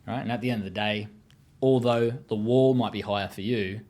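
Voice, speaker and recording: A man's voice: lowish voice, fairly even intonation, fairly quick, a little mellow. An Australian man speaking as an interview guest, telling his story in a blunt, profane, casual way with many fillers.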